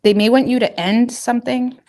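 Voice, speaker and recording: A woman's voice: a little high, fairly quick, darkish tone. A woman giving a casual tarot reading, talking straight to her viewers in a loose, rambling, colloquial way. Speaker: tarot reader.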